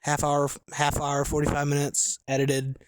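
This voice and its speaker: A man's voice: on the high side, completely flat delivery, moderate pace, clean tone. Laid-back rambling young man. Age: late 20s. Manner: loose, filler-heavy slang talk. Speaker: gaming podcast host. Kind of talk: casual rambling monologue. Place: camping chair outdoors.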